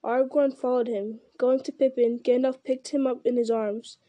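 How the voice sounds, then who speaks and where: A woman reading a fantasy novel aloud in a steady storytelling manner, with small slips she corrects as she goes. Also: fairly high pitch, moderate pace, dry recording.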